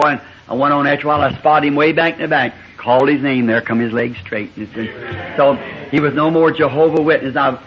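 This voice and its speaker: Husky preacher telling a folksy story. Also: male voice, medium pitch. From Southern United States. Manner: folksy, rambling anecdote with frequent chuckles. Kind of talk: sermon storytelling. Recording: muffled lo-fi old tape recording.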